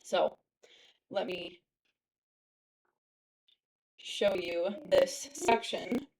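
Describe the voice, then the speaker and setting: A woman's voice: fairly low pitch, fairly even intonation, very slow, a little mellow, a little hiss or hum, rough recording. A woman clarinet teacher giving a casual lesson, sometimes singing rhythms aloud to show them. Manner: sings rhythms aloud to demonstrate.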